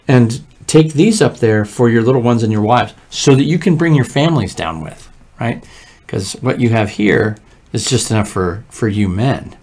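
A man leading morning prayer as pastor, reading scripture and explaining it with lively, conversational asides. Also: mid-range voice, moderate pace. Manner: conversational, lively asides, frequent "right?" check-ins. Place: church.

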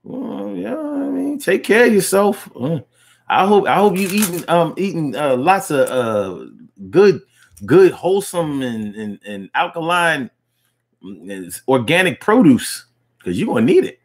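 A man hosting a call-in show, reacting to comments in a loose, slangy, animated way. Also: fairly high pitch, unhurried, creaky, husky. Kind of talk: casual live show chat reading comments.

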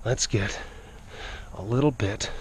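A man working as a big cat keeper, talking casually to camera and coaxing animals in a playful voice that repeats phrases and sometimes drops to a hush. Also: lowish voice, takes it slowly, a little hiss or hum.

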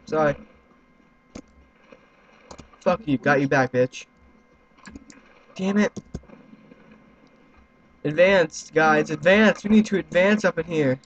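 A young man giving let's-play commentary, excitable, swearing and yelling at other players. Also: fairly high pitch. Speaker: gaming YouTuber. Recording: slightly muffled with faint noise.

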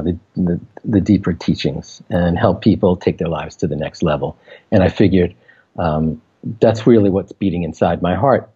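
Man, meditation teacher guest, deep mellow voice, dull lo-fi sound. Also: breathy edge. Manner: relaxed, halting with fillers. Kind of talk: casual interview.

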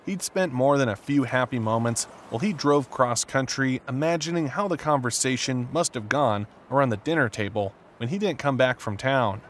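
A man narrating an audiobook in a steady, measured storytelling voice. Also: mid-range voice, a little hiss or hum. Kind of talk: scripted narration.

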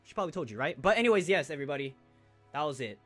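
A young man hosts a live stream from home, talking to his chat in loose, hyped slang. His voice sits a little on the high side, with faint music playing underneath. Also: big pitch swings, very fast, a bit bright. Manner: hyped, slangy, chatty with viewers. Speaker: live stream host opening trading cards.

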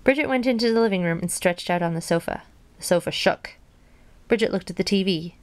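A woman reading a children's storybook aloud in a plain, gentle way, dropping in casual asides. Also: on the low side, brisk, no room sound. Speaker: storybook reader.

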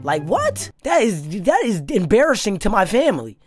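Hyped trash-talking young guy, high voice. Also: huge pitch swings, normal speed, no room sound. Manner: hyped trash-talking, profane, playful roasting. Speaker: gaming YouTuber. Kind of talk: gameplay commentary. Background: background music.

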